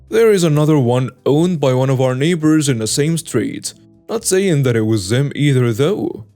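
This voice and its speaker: Man reading a story over soft music. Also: fairly high pitch. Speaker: story narrator. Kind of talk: scripted narration.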